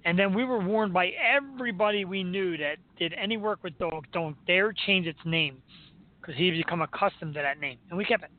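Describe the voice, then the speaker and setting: A man with a high voice hosts a casual radio chat, spinning jokey stories and laughing between them. The sound is narrow and tinny, like a phone line. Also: brisk, few pauses. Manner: storytelling, jokey, laughs often. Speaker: radio show host.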